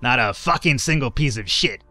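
A man's voice: medium pitch, animated, normal speed, pushed and bright. A man casually commenting on and reading out a video game, offhand and joking, swearing often.

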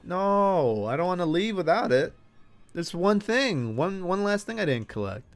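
A man's voice: high voice, measured pace, no room sound. A man giving casual let's-play commentary, cheering, yelping and scolding game characters as he plays. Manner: excitable, yelps and cheers at the game. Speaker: gaming streamer.

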